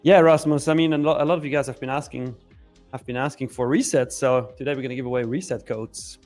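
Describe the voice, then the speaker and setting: A man's voice: mid-range voice, steady tone, fast, a little mellow, faint music behind. A man co-hosting a live trading stream, explaining his setups plainly and urging viewers to like and subscribe. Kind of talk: casual live-stream chat and viewer callouts.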